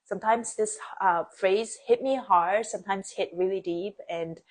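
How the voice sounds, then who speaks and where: A woman's voice: medium pitch, unhurried. A woman mentor on a live stream, coaching in a reflective, earnest way. Her voice sits in a mid range, and she laughs easily between thoughts. It sounds like a phone mic. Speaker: dance embodiment mentor.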